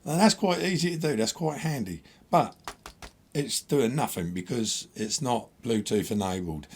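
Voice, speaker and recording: A man hosting a casual gear demo, talking bluntly and explaining in an animated, chatty way. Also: medium pitch, normal speed, a little hiss or hum. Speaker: host.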